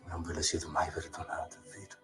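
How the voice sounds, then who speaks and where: An actor playing a calm, gently knowing friar in film dialogue, speaking softly and reassuringly. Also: male voice, low voice, fast talker, over music, lightly acted. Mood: gentle.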